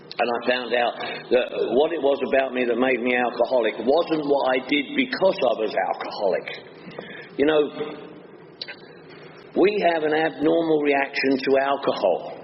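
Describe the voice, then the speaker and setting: A man's voice: medium pitch, slight background noise. A man with a Northwest London accent, telling his own recovery story to a meeting in a blunt, joking way with rhyming quips. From England. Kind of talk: personal recovery talk. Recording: dull, echoey hall recording.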